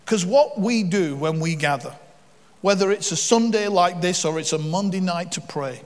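A middle-aged man preaching as a guest, telling funny anecdotes in a lively way and acting out the people in them. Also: sits high, normal speed. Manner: lively storyteller who acts out the people in his stories. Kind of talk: sermon with humorous anecdotes. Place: church hall. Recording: long reverb of a church hall.

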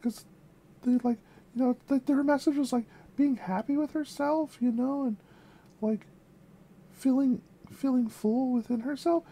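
A young woman talks casually to her viewers, gushing over what she just heard and repeating phrases for emphasis. Her voice sits a little high but sounds mellow and warm in tone. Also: steady tone, unhurried, husky. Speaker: music reaction vlogger. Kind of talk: casual reaction chat.

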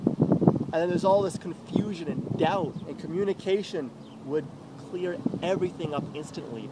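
A man's voice: high-pitched, very noisy. A young man in an emotional confessional rant, agitated and profane, rambling and swinging between muttering and outbursts, recorded outdoors in a city.

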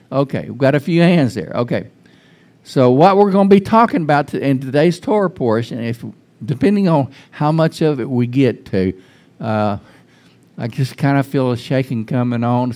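A man's voice: medium pitch, darkish tone. A male pastor giving an informal, conversational sermon in a church, often restarting sentences and putting questions to the congregation. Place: church sanctuary.

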